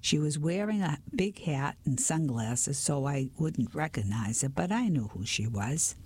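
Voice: mid-range voice, expressive, measured pace, a little mellow, breathy edge, no echo. A reader voicing a fussy, apologetic male antique dealer in a whispered role-play storybook reading. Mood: chatty. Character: flustered older male antique shop owner.

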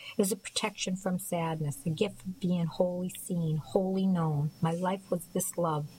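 Soft-spoken woman narrating an audiobook. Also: fairly low pitch, steady tone, normal speed, a little hiss or hum, poor audio. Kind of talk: scripted first-person narration.

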